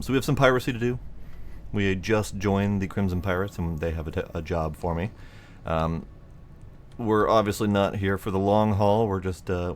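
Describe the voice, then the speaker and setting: A man's voice: sits low, darkish tone, slight background noise. A man hosting a gaming video, chatting playfully and rambling through his play session with plenty of fillers. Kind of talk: casual let's-play commentary.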